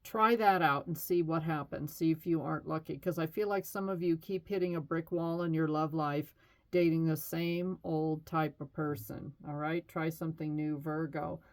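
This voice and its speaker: A woman's voice: sits low, steady tone, moderate pace, a little mellow. Chatty woman giving a tarot reading. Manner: chatty, reassuring, with fillers and laughs. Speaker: tarot reader.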